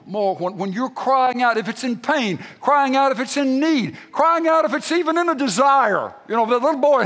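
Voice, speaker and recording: A man's voice: extremely high pitch, fairly bright tone, big-room sound. An older man, a grandfather, preaching a sermon with folksy storytelling and emphatic peaks. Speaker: pastor.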